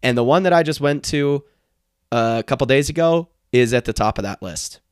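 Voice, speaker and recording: Male podcast host, hoarse and worn-out voice, upbeat sports chat, mid pitch, dry booth sound. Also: fairly quick, dry recording. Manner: excited, energetic delivery. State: hoarse, strained voice.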